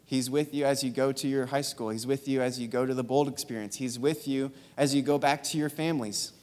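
Speaking a little fast in a steady, mid-range voice, this youth speaker tells a story during a sermon, earnest but casual and peppered with fillers. The church hall gives his words a long reverb, with gentle guitar music underneath.

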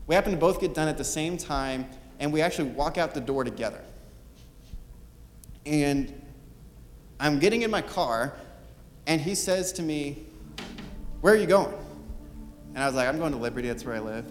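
A young man giving a sermon, talking earnestly and casually, with fillers, as he tells a story. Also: on the high side. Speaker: youth speaker. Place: church hall. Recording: long hall reverb, music behind. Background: soft guitar.

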